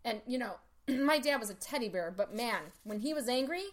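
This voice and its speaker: A woman's voice: a little high, expressive, normal speed. A woman in casual conversation, telling stories animatedly with lots of "like" fillers. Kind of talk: casual chat.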